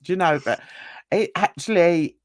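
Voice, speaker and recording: A woman's voice: fairly low pitch, normal speed, dry recording, studio quality. A woman on a livestream panel, chatting casually, laughing often and mimicking other people's voices.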